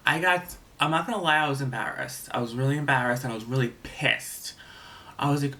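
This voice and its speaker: Bright-voiced young man telling a rambling story. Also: mid-range voice, fairly even intonation, normal speed. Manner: rambling, lots of "like" and restarts, swears freely. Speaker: vlogger. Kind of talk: storytime vlog.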